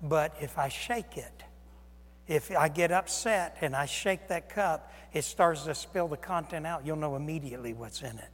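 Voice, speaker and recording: Male preacher, higher voice, dramatic sermon delivery with loud and hushed swings, reverberant sanctuary sound. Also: moderate pace. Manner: animated, acts out voices of Jesus and disciples, swings loud and soft.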